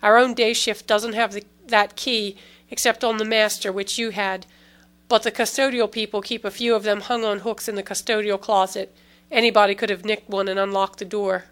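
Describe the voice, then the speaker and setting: A woman's voice: medium pitch, flat delivery, moderate pace, fairly bright tone, close to an everyday voice. Woman reading as a dutiful male sergeant. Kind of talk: audiobook character reading.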